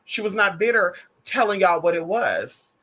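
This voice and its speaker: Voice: medium pitch, lively intonation, normal speed, sharp tone. A vlogger giving sassy, profane, gossipy pop culture commentary, calling the viewer girl and honey.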